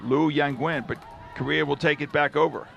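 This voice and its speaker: A man's voice: on the high side, steady tone, moderate pace, vocal fry, a bit bright, highs cut off. A man calling a live football match from a commentary booth, chatting between plays. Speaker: play-by-play commentator. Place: stadium commentary booth with air conditioner.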